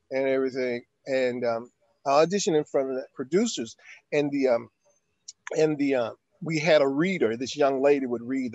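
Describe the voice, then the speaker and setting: A man's voice: medium pitch, a little mellow, no room sound, dull audio. An older man, an actor, telling a long anecdote in an interview, acting out quotes and using frequent fillers. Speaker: actor guest. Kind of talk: storytelling in an interview.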